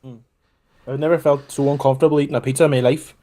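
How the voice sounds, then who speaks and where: This young podcast co-host races along in a medium-pitched voice. He chats casually and tells stories with animation, voicing the quotes himself.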